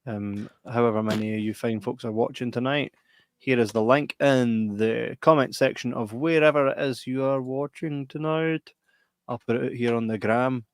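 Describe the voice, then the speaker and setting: A man's voice: mid-range voice, normal speed, no echo. A Scottish man co-hosting a podcast, chatting casually and telling funny stories with lots of laughter and swearing. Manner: animated storyteller, swears and laughs often. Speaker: podcast co-host. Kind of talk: casual chat.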